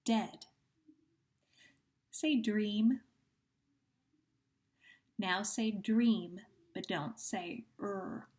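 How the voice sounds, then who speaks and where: A woman teacher speaks at a deliberately slow pace, drawing out each word so young listeners can follow. Her voice sits at an ordinary pitch for a woman, and she walks through sound drills patiently, with gentle praise. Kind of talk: phonemic awareness lesson for young children.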